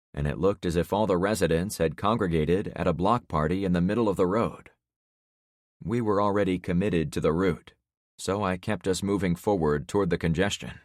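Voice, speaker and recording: A male audiobook narrator reads scripted first-person narration at a steady, measured pace. His voice is low-pitched, and the studio-quality recording has no echo.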